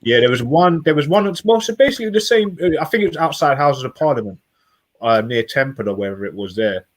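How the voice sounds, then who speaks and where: A man, chatting casually and speculating out loud. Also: medium pitch, animated, quick pace. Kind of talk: casual chat.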